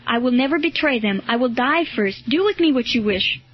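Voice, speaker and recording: A woman's voice: on the high side, animated, fairly quick. A woman reading the part of a frightened but defiant young boy, in an earnest, pleading manner. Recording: dull lo-fi recording.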